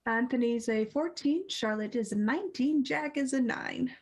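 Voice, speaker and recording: A woman's voice: high voice, normal speed, darkish tone. A woman player in a tabletop game, calling out her dice rolls in a hesitant way.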